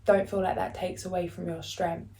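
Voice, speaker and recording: Calm low-voiced woman reading spiritual cards. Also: creaky. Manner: calm, soothing, unhurried reading aloud. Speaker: spiritual card reader. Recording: echoey room, faint background noise.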